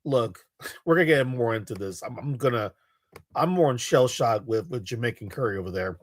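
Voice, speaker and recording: Halting, scoffing man reacting dryly. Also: medium pitch, animated, dry recording. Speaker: reaction streamer. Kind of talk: reaction commentary.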